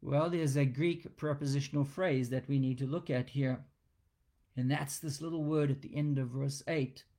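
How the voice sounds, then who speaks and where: A man preaching an expository sermon, emphatic and deliberate, repeating phrases for stress. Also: mid-range voice, steady tone, dark tone.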